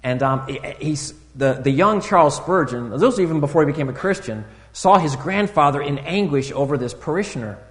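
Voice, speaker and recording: A man preaching a sermon in a relaxed, conversational way, full of fillers and restarts, rising loud and high to stress a point and dropping quiet for asides. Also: a little fast, few pauses, big-room sound. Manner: rises loud and high for emphasis, drops soft for asides. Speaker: pastor.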